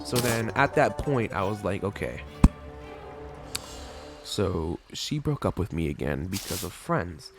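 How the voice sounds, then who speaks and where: A man's voice: lowish voice, big pitch swings, moderate pace, few pauses. A young man telling a rambling, swear-filled personal story while playing a video game. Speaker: gaming channel host. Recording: loud background music.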